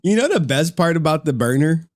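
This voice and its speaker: A man's voice: on the high side, lively intonation, a little fast. A man giving mocking live-stream commentary, laughing often and swearing as he taunts his target. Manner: calls people "dog".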